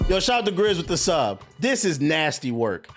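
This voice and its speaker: A man's voice: on the high side, big pitch swings, moderate pace, music in the background. A man streaming live, ranting at his viewers in a heated, mocking and profane way.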